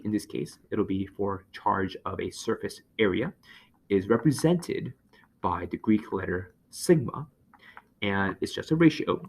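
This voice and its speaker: A man teaching physics, working through a problem aloud with many fillers and quick self-corrections. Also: on the low side. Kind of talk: lecture over a whiteboard.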